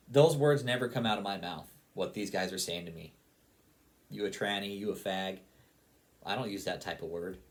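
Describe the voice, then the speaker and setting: A man with a fairly low voice rants in a casual, heated way, full of swearing. He keeps hammering the same points over and over, as if talking straight to his audience. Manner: heated, profane, repetitive. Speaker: online commentator. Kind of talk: casual profane rant.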